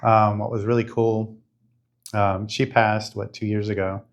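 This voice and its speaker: Man, middle-aged, gravelly, flat delivery, candid, reflective, casual swearing. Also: lowish voice, measured pace. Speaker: guest sharing his life story. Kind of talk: candid conversational storytelling.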